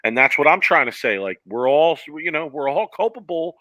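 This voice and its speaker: A man's voice: on the high side, expressive, moderate pace, muffled recording, noisy background. A man hosting a live bowling podcast, chatty and emphatic as he reads posts aloud and gives opinions. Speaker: podcast host. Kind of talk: live sports commentary chat.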